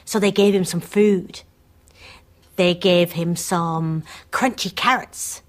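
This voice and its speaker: A woman's voice: fairly low pitch, fairly even intonation, takes it slowly. A woman telling a story to young children on a preschool show, in a sing-song voice that coaxes them to join in.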